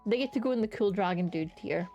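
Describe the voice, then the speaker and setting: A woman's voice: mid-range voice, quick pace, mellow, soft background music. A young woman streaming from home, chatting casually and enthusiastically as she ranks creatures, with casual swearing. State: hiccups. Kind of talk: casual live-stream commentary.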